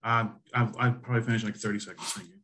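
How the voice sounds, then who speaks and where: Over a video call at a remote hearing, a man reads prepared testimony as a spokesman for an advocacy group, brisk and businesslike. His voice is lowish and level, and a crowd can be heard in the background.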